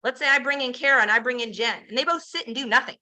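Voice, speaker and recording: A woman giving an energetic sales presentation, telling success stories, asking the audience rhetorical questions and acting out quoted dialogue. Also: fairly high pitch, quick pace, low-quality recording. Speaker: presenter pitching a home business.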